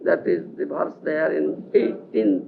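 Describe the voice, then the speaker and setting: A man's voice: a little high, unhurried, gravelly. A man from India giving a scripture lecture, often asking his listeners whether they follow. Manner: animated, keeps checking with listeners. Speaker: spiritual teacher. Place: lecture hall. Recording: dull lo-fi archival tape with faint hiss.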